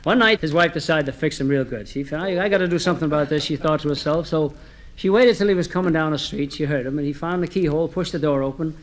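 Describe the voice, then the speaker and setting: A man telling comic stories, delivering one-liners with a deadpan manner. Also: on the high side, fast, hardly any pauses. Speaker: comedian. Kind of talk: comic storytelling.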